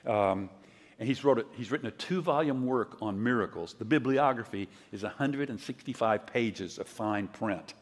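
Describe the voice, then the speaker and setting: An older man giving a conference sermon, telling stories in a conversational way and acting out quotes loudly. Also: medium pitch, moderate pace. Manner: conversational storytelling, loud acted quotes. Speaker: preacher. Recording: long hall reverb.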